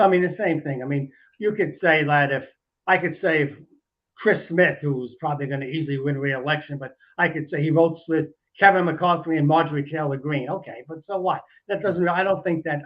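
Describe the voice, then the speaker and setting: Older male journalist guest, halting and measured, dull lo-fi remote sound. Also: fairly high pitch. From New Jersey. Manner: hesitant, many restarts, measured. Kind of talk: political interview.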